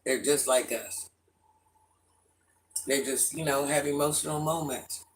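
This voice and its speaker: A middle-aged man chatting casually on a livestream, greeting viewers by name and answering their comments in an animated way. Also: fairly high pitch, a little slow, a little hiss or hum. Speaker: livestream host.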